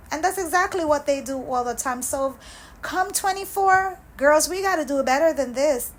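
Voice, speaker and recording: A woman with a high-pitched voice delivers an angry, impassioned rant for her reaction vlog. She speaks slowly and deliberately, repeating phrases for emphasis. Her tone stays heated and insistent throughout. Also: low-quality recording. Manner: impassioned ranting, repetitive emphasis. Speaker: commentary channel host.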